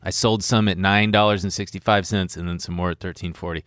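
A man's voice: low voice, fairly even intonation, fast, a bit bright, clear, resonant tone, no room sound, studio quality. A young man hosting a casual podcast, joking around and rambling as he explains his trades. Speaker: podcast host. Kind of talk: casual crypto chat. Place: studio.

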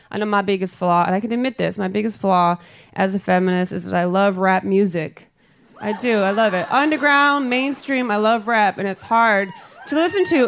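A woman doing stand-up comedy on stage with a handheld mic, delivering a brash, profane, punchy set. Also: medium pitch. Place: comedy stage before a live audience. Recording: live room with loud crowd noise.

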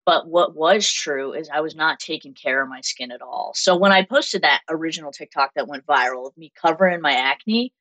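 A woman's voice: sits low, expressive, normal speed, hardly any pauses, a bit bright, no echo, poor audio. A young woman from Southern Massachusetts with a Massachusetts accent, chatting openly as an interview guest and laughing often. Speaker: guest, content creator. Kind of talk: casual interview talk.

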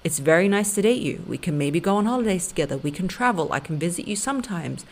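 A woman's voice: lowish voice, animated, fast, darkish tone. Blunt woman giving dating advice. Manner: blunt, emphatic, lecturing directly to listeners. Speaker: podcast host and dating coach. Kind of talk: relationship advice monologue.

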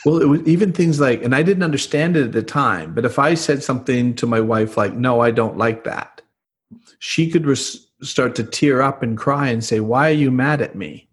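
A man's voice: mid-range voice, normal speed. Earnest man explaining in an interview. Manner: earnest explaining, acts out quoted lines. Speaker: guest, trauma expert. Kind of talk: podcast interview.

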